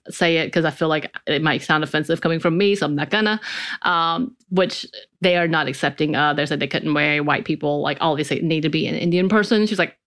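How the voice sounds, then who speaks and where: A woman co-hosting a podcast, retelling a film's plot in casual, animated chat and acting out the characters' lines. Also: fairly low pitch. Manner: animated storyteller, jumps into character quotes. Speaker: podcast co-host. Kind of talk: casual film recap chat.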